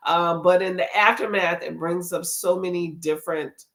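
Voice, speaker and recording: A woman with a fairly low, steady, slightly bright voice hosts a casual livestream at normal speed. Feeling under the weather with a runny nose, she chats and laughs often as she reads out comments from the chat.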